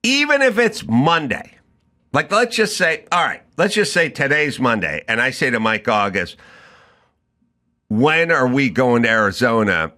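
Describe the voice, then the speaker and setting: A man's voice: medium pitch, very animated, measured pace, pushed and bright. A middle-aged man hosting a talk show, telling a comedic story and acting out both sides of the conversation. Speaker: podcast host.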